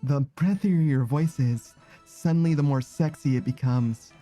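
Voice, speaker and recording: A man chats loosely with his stream viewers as he plays, his voice sitting a little high for a man. He rambles, second-guesses himself and breaks into laughter often. Faint music plays underneath. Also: a little slow, dark tone. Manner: giggly, rambling, self-conscious. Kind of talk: casual chat with viewers while gaming.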